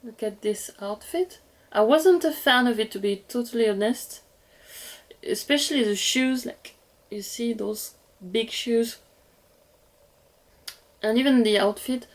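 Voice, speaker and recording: With a fairly high pitch and a measured pace broken by frequent pauses, a young French-accented woman unboxes dolls for her audience. A doll collector vlogger, she's casual, gushing, and giggly, addressing her viewers as she goes.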